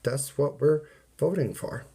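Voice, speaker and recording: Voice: mid-range voice, a little slow, gravelly, warm tone, slightly rough. A livestreamer ranting to viewers in a folksy, preachy way, repeating points and greeting people in the chat by name. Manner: folksy, uses y'all and ain't. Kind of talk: casual live-stream rant to viewers.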